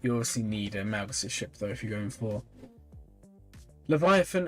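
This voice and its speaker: Tired, chatty male streamer. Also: medium pitch. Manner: relaxed, chatty, reads and answers chat comments with small laughs. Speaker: streamer reviewing viewers' game accounts. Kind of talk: casual live-stream chat.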